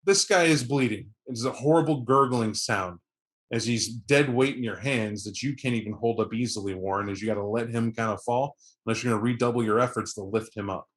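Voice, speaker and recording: A man's voice: mid-range voice, brisk. A man running a tabletop game, narrating events in a vivid, conversational way with many fillers. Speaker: game master.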